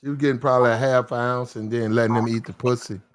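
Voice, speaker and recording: A man's voice: mid-range voice, fairly even intonation, fast. A man co-hosting a casual chat, laid-back and agreeable, telling stories.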